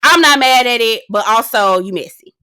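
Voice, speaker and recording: Sassy, lively-voiced woman recapping gossip. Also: on the high side, moderate pace, smooth. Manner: sassy, gossipy, exclamatory with slang and mock voices. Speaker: reality TV reviewer. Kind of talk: casual recap commentary.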